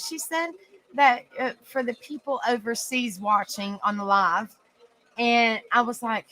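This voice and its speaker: A woman's voice: a little high, unhurried, pauses often, sharp tone, rough recording. A woman hosting an open panel in casual chat, rambling with lots of fillers and frequent giggles.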